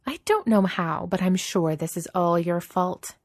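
A woman reading aloud, voicing a blunt, fiery young princess with a raised, sharp voice. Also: fairly low pitch, expressive, measured pace, no room sound, clean studio sound. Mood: scornful.

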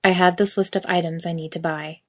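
A woman voicing a stiff, literal-minded male angel who speaks formally and calmly. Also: on the low side, brisk, close to an everyday voice. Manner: formal, plain and calm.

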